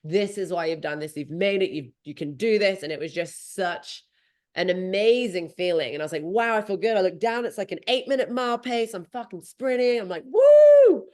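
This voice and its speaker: A woman in her thirties hosting a podcast, telling a story in a lively, casual way and swearing freely. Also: on the low side, brisk. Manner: animated, swearing freely, acting out her own thoughts. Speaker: podcast host.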